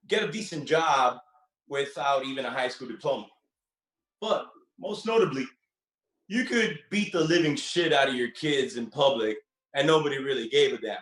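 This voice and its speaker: A man's voice: medium pitch, a bit bright. Wry man doing stand-up in an echoey room. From Cuban-American family. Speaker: stand-up comedian. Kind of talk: stand-up set.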